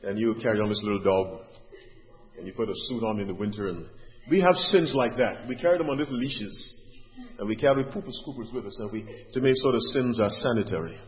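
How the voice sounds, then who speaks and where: A man's voice: lowish voice, fairly quick. Preaching man in a reverberant hall. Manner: swings from quiet asides to loud rising preaching. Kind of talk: sermon. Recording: dull audio with long hall reverb.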